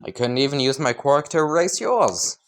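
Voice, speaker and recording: Woman playing a bone-tired deadpan male teacher. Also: extremely low pitch, normal speed. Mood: weary. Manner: flat, weary and dry.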